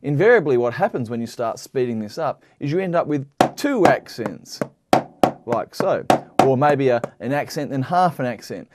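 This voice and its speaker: A man walks through drum technique as an instructor in a steady mid-range voice. He explains patiently, counts the strokes aloud while he demonstrates, and keeps checking that the listener is following. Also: mid-range voice, normal speed, heavy background noise. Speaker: drum teacher. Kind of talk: instructional lesson.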